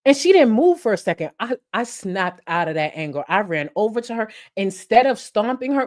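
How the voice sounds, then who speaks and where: A young woman hosting a commentary channel, telling a profane, animated story in casual chat that swings between loud and hushed. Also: medium pitch, brisk, hardly any pauses.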